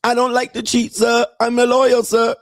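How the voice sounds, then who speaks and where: A man putting on a high, wheedling young Thai bar girl in a mock Thai accent, speaking broken English and tacking "sir" onto every line. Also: completely flat delivery, moderate pace, no echo, clean studio sound. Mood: protesting innocence. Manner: sing-song, wheedling, keeps adding "sir" and "Po". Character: pleading young Thai bar girl woman, sweet-talking.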